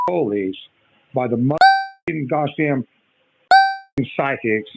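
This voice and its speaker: A man's voice: medium pitch, slow, pauses often. A man, a father of a missing child, ranting in heated, profane bursts on a live stream. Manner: heated, profane, repeating himself. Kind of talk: angry live-stream rant. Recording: dull lo-fi stream audio.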